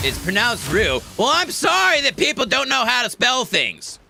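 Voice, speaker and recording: A man's voice: very high voice, wildly swooping pitch, moderate pace, gravelly, pushed and bright, a little hiss or hum. An American man streaming a space game, chatting casually and joking with heavy swearing. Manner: profane, joking banter. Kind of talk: casual gameplay chat.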